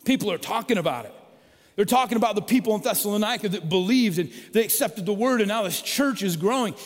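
A man preaching a sermon in a conversational, storytelling way, dropping from loud emphasis to hushed, quiet lines. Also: high-pitched, animated, fast. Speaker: pastor. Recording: long reverb of a large hall.

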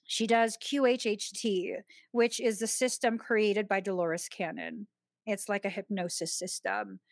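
A woman hosting a podcast, telling a personal story in a chatty, expressive way and often laughing. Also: mid-range voice, a little slow, dry recording. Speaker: podcast host.

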